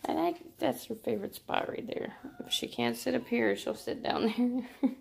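Gravelly-voiced woman chatting at home. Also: on the high side, normal speed. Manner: chatty, laughing, talks to her cats. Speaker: vlogger filming her cats. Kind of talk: casual home vlog chat.

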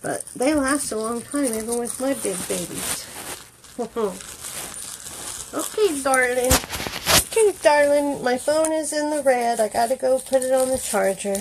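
A woman's voice: high voice, unhurried, gravelly, noisy background. A woman dog breeder filming a puppy on her phone at home, chatting casually and cooing baby talk with frequent laughs.

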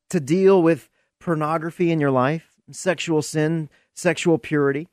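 Man, podcast host, preaching style, earnest, emphatic, slow-paced, dry close sound. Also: on the high side, a little mellow, no room sound.

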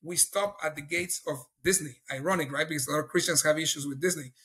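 Middle-aged man, earnest testimony teller, fairly high, bright tone. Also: fast, husky. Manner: earnest, storytelling, acts out his own past thoughts. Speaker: guest telling his faith testimony. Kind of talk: personal testimony in an interview.

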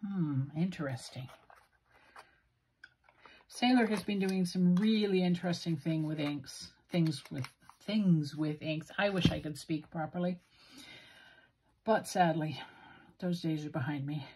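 A woman's voice: sits low, a little slow, pauses often, darkish tone, slight background noise. A woman with a Western Canadian accent, musing aloud in a self-deprecating way as she swatches inks. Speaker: stationery video host. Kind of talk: casual narrated ink swatching.

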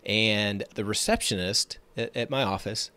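A man hosting a podcast as a trading coach, talking in an energetic, emphatic motivational monologue that repeats phrases for effect. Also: lowish voice, unhurried.

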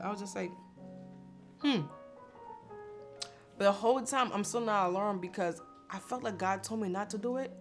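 Animated young woman telling a story. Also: medium pitch. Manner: animated, laughing, acts out quotes. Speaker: vlog host. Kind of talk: casual storytelling.

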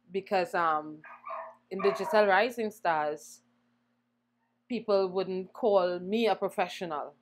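Animated woman telling her story. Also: medium pitch, noisy background. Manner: animated, acts out quoted voices. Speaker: interview guest, singer. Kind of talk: conversational storytelling.

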